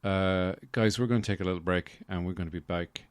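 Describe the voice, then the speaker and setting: A man hosting a casual solo podcast, rambling with deadpan humor and lots of fillers into a close mic. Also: deep voice, a little fast, clear, resonant tone, no room sound. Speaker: podcast host.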